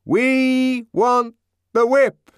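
A man voicing a mocking crowd of sightseers in an audiobook, chanting loud demands in rhythm. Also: very high-pitched, steady tone, extremely slow, clean tone, dry recording, clean studio sound, voice pushed up, full character voice. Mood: jeering.

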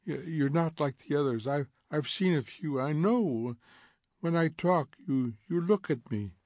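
A man voicing a curious, gently odd teenage girl who talks softly and stumbles over her words. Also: on the high side, measured pace, no room sound, pitched above the performer's own voice, close to an everyday voice. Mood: wondering.

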